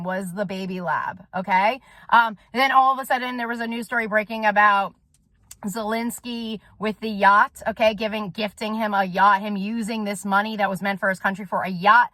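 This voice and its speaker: A woman delivers a fast-flowing, rambling vlog monologue, intense and heavy on profanity. Her voice sits in a middle register for a woman, and the recording is close and dry with almost no room sound. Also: mid-range voice, pushed and bright, dry recording. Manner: intense, rambling, swears often. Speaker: soul coach and vlogger. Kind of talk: casual direct-to-camera monologue.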